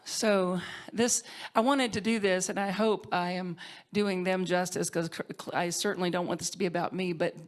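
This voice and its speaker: A woman's voice: lowish voice, steady tone, normal speed. Heartfelt, tearful woman giving a tribute. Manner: heartfelt, tearful, laughing, sometimes dropping to a whisper. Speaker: minister presenting an award. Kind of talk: emotional tribute speech. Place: conference hall stage.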